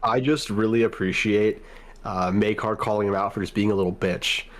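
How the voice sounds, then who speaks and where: A man co-hosting a podcast, speaking casually and bluntly, quick to criticize. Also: on the low side, steady tone. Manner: blunt and critical, calls things stupid. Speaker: podcast co-host. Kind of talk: casual fan discussion.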